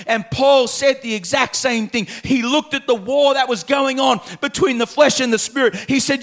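High-voiced man preaching a sermon. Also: moderate pace. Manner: emphatic preaching with rhythmic repetition; swings from quiet, low passages to loud, half-sung climaxes. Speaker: pastor. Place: church.

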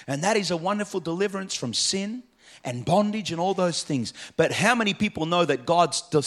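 A pastor preaching a sermon in a church, with emphatic, repetitive preaching that swings from quiet, low passages to loud, half-sung climaxes. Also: male voice.

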